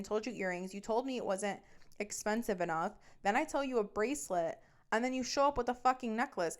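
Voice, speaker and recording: A young woman in her twenties tells a story from her own life on her podcast, swearing freely and sounding exasperated. She acts out both sides of the argument as she tells it. Her voice sits at a middle pitch. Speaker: podcast host. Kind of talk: storytelling rant.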